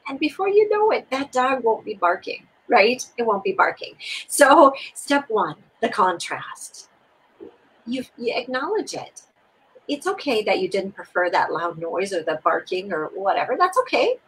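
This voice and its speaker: A woman co-hosts a spiritual teaching conversation and guides the listener through steps. She talks in an expressive, soothing, repetitive way. Her voice is slightly husky, and her pitch swings widely. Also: moderate pace, poor audio. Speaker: co-host.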